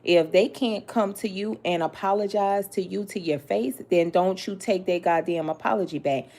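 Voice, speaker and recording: A woman's voice: medium pitch, moderate pace, warm tone. Blunt, sassy woman reading tarot. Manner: blunt, sassy, talks straight to the listener with slang and cursing. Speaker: tarot reader.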